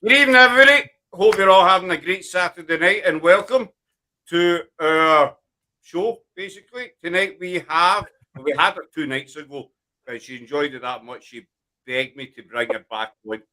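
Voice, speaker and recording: Chatty Scottish man hosting, bright voice. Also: a little high, fairly even intonation, normal speed. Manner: chatty, joking, self-deprecating. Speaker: podcast host. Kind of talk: casual chat.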